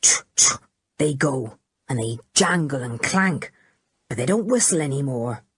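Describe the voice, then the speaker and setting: A woman voicing an old male shepherd who gives slow, rustic warnings in a storybook reading. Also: rumbling low, expressive, husky, no room sound, clean studio sound, pitched below the performer's own voice, heavily acted. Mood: ominous.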